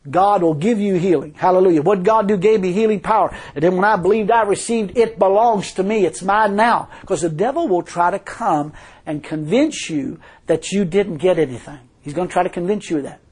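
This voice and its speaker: A man's voice: sits high, a little fast, a little mellow, husky. A man preaching a fervent sermon, telling a story and repeatedly crying hallelujah.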